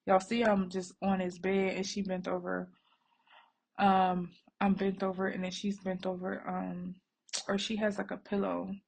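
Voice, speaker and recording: Chatty woman with a gravelly voice. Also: mid-range voice, monotone, unhurried, darkish tone. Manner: chatty, rambling, addressing viewers as y'all. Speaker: vlogger and mother. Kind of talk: casual chat to viewers. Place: home, working on a bed.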